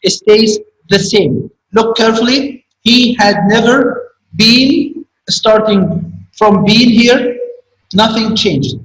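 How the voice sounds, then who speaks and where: Male teacher, high voice, slow and repetitive delivery, echoey classroom, distant mic. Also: a little hiss or hum. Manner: slow, repetitive, stresses key words. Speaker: high school English teacher. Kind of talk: classroom grammar lesson.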